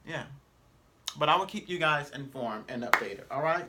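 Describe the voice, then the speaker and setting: A man's voice: a little high, expressive, normal speed, background noise. A man vlogging on a trip, talking casually to camera in a rambling way, full of fillers and self-corrections. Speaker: travel vlogger. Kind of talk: casual vlog talk to camera.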